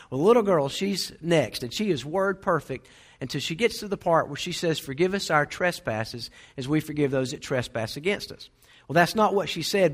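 A man's voice: a little high, a bit bright. A middle-aged man preaching a sermon, telling folksy stories and acting out the dialogue. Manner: folksy storyteller, acts out dialogue. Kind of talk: sermon with anecdotes.

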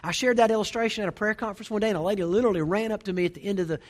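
A man's voice: high voice, very fast. A man preaching a sermon in an emphatic, rousing way with rhythmic repetition.

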